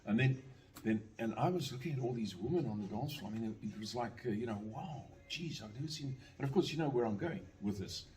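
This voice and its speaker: A man's voice: medium pitch, expressive, quick pace, darkish tone. An older man telling a casual, rambling anecdote, full of fillers, restarts and chuckles. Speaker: storyteller.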